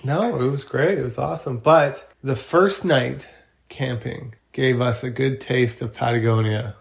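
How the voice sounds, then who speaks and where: As a guest on a podcast interview, a Canadian man tells a casual story about a night of camping, speaking a little slowly. His middle-pitched voice carries a gravelly fry, and his manner is easygoing and matter-of-fact.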